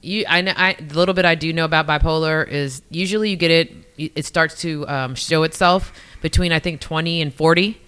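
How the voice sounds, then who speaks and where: A man with a bright, smooth voice sitting slightly above the usual male pitch hosts a casual podcast chat. He asks his guest halting, searching questions, restarting as he looks for the words. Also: fairly even intonation. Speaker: podcast host.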